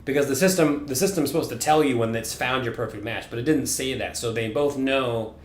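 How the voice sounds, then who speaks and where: A man co-hosting a relaxed podcast chat, spinning out a long story in loose, rambling sentences. He swears freely and keeps filling the gaps with "like." His voice sits in a middling register and rings a little in a roomy, echoey space. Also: mid-range voice, a little fast, a little hiss or hum. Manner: profane, rambling storytelling full of "like". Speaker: podcast co-host. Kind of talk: casual chat.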